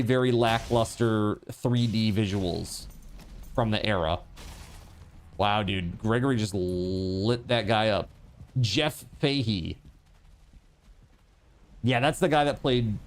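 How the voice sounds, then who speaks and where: A man streaming a game, chatting casually and rambling to his viewers with lots of fillers. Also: mid-range voice. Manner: talks to chat viewers. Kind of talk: casual livestream chat while gaming.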